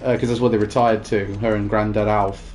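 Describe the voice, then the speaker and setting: A man's voice: on the low side, flat delivery, fairly quick, darkish tone, a little hiss or hum. A young man chatting casually while gaming, telling rambling stories with many fillers and restarts. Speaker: gaming co-host.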